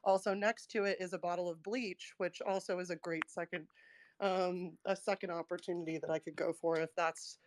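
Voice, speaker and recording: A woman's voice: lowish voice, steady tone, moderate pace. A woman in a casual online chat, joking about herself and laughing easily. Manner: self-mocking, laughing, joking. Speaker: participant in a crypto audio chat.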